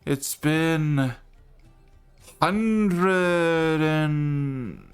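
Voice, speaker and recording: Gruff old hag tavern keeper, voiced by a man, folksy, wistful, slightly raised pitch. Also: lively intonation, drawn-out words, soft background music, full character voice. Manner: gruff, folksy, drifting into reminiscence.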